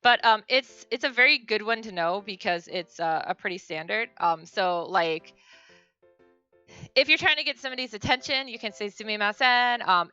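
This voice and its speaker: A woman's voice: medium pitch, bright, forceful tone, smooth, highs cut off. A woman streamer giving a casual beginner language lesson, chatty and full of fillers and self-corrections.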